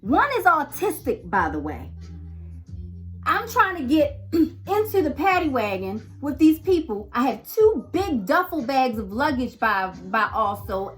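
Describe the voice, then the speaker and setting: Woman, wife in an interview, indignant and insistent, slightly high voice. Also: fairly bright tone. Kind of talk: emotional personal account.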